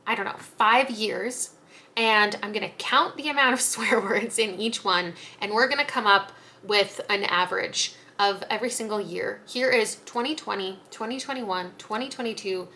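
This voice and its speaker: A woman's voice: medium pitch, moderate pace, sharp tone, a little hiss or hum. A young woman talking casually to camera as a book vlogger, frank and chatty, with light laughs and fillers.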